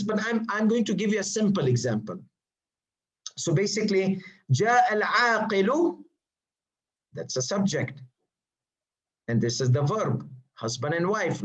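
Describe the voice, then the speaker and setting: A man's voice: a little high, darkish tone, low-quality recording. A man teaching a grammar lesson to a class, patiently explaining and repeating examples, often asking questions and answering them himself.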